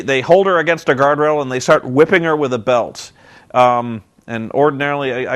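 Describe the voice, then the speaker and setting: A man's voice: medium pitch, a bit bright. A man casually recapping wrestling in a rambling, sarcastic, profane way with lots of ums and uhs. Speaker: vlogger reviewing wrestling.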